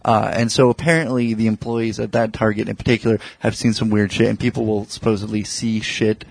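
A man's voice: lowish voice, level tone, fairly quick, gravelly, no room sound. A man from Portland, a guest comedian, telling rambling stories in a casual podcast chat, with lots of fillers. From Portland, Oregon, US. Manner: rambling, filler-heavy storytelling.

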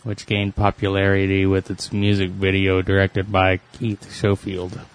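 A man co-hosting a casual comedic chat, sharing bits of trivia in a relaxed way. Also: deep voice, a little slow, slight background noise.

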